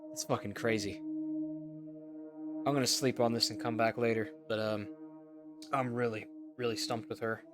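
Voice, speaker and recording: A man's voice: medium pitch, fairly even intonation, moderate pace, long pauses, over music. Wry man thinking aloud while gaming. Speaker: game streamer. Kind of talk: casual game commentary.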